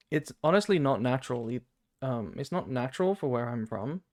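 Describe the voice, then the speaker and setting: A man's voice: medium pitch, animated, fairly quick. A man with a British accent streaming a game, thinking aloud in rambling casual chat. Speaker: gaming streamer.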